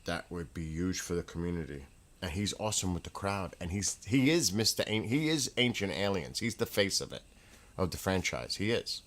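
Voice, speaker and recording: Male stream host, slightly low voice, rambling excitable storyteller chatting casually at home. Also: normal speed. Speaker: livestream host. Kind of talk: casual chat.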